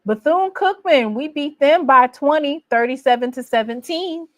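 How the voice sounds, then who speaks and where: A woman recapping her team's college football season in a casual, boastful, teasing way, with animated exclamations. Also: high-pitched, moderate pace, dry recording. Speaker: college football fan vlogger. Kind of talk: casual trash-talking recap.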